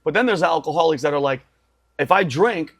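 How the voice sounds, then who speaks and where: A man's voice: on the high side, lively intonation, quick pace, vocal fry. A man in his forties telling his story as a podcast guest, emphatic and repetitive, saying "bro" and "dude" often. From Assyrian family. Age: 40s.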